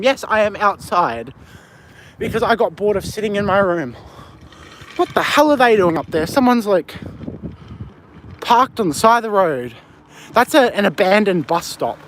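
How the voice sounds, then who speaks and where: A man's voice: high voice, fairly bright tone. A man with an Australian accent livestreaming while walking a street at night, rambling and swearing as he answers chat. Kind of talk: casual live stream chat. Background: faint street and traffic ambience.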